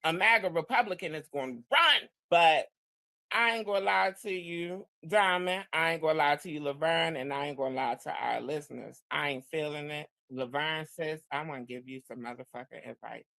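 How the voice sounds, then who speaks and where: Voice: medium pitch, normal speed, creaky, sharp tone, no echo. A panelist in casual chat, blunt and profane.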